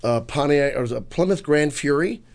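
A man's voice: fairly high pitch, fairly quick, vocal fry, a little mellow. A man from Missouri, an improv comedian and guest, telling rambling, self-deprecating stories in a casual interview chat. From Missouri, USA.

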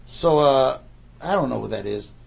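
A man's voice: medium pitch, animated, moderate pace, gravelly, breathy edge. A man in his sixties casually telling a rambling anecdote, stammering and repeating words as he goes.

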